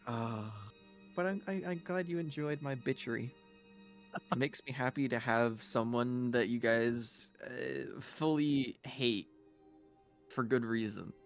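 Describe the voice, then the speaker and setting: A man's voice: mid-range voice, a little slow, faint music behind. A man running a tabletop game, chatting casually afterward, laughing often and swearing freely. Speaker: game master.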